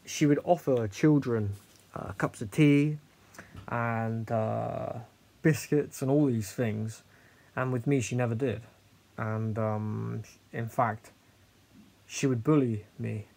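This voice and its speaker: A young man telling a personal story in a candid, halting way, with many fillers and some swearing. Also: medium pitch, steady tone, creaky, dark tone. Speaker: host sharing his story.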